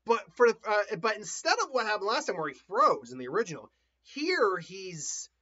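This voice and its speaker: A man casually retelling a story in an animated way, often laughing and acting out voices, on a dull lo-fi recording. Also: high voice, moderate pace, slightly rough.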